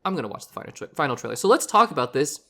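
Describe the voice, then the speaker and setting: Fast-talking, hoarse podcast host. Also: male voice, on the high side. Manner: rambling, animated, frequent restarts and repeated words. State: hoarse from a recently lost voice. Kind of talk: solo movie podcast commentary.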